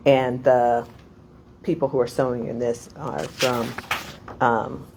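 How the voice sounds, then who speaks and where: Low-voiced woman telling a rambling story. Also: flat delivery, takes it slowly, creaky, a little mellow, a little hiss or hum, low-quality recording. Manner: rambling, laughing, many "like" fillers. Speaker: poet. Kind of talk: anecdotal storytelling at a reading.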